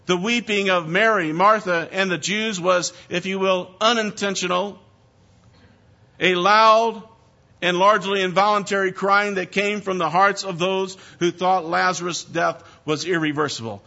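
A man preaching a sermon as a pastor, measured and often dropping soft and low. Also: steady tone, muffled recording.

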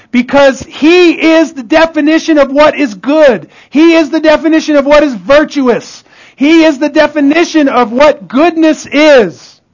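A man preaching a sermon in a strikingly high voice. He keeps checking in with the congregation through quick questions and asides. He climbs on key phrases, then sinks to low, hushed lines. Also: muffled recording. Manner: call-and-response asides, rising then dropping low.

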